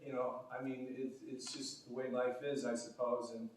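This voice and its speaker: A man in his sixties giving a rambling, heartfelt acceptance speech at a banquet, with halting restarts. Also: medium pitch, little pitch movement. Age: 60s. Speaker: award recipient. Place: banquet hall. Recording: echoey banquet hall, distant mic.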